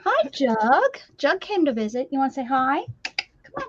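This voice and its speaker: A woman hosting a casual craft livestream, chatty and animated, greeting viewers by name. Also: high-pitched, moderate pace, muffled recording, a little hiss or hum.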